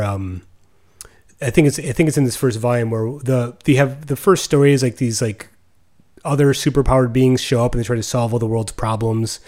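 A man's voice: mid-range voice, a little mellow. A man co-hosting a podcast, talking thoughtfully in a casual chat, often restarting his sentences. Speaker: podcast co-host.

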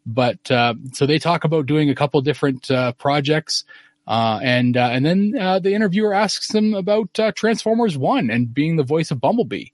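A man's voice: a little high, animated, normal speed, no room sound. A man hosting a podcast in casual chat, rambling and opinionated. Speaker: podcast host.

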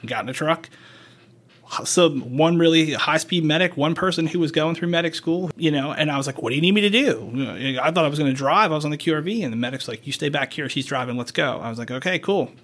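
A man's voice: fairly high pitch, fast talker, fairly bright tone. A man working as a paramedic, chatting frankly on a podcast, swearing and acting out quoted dialogue as he tells his stories. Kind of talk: casual podcast chat, storytelling.

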